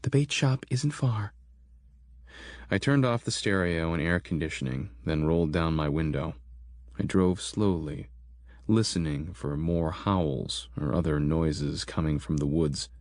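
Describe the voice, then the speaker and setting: Deep, dry-voiced male audiobook narrator. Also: no echo. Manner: steady, measured storytelling. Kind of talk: scripted horror audiobook narration.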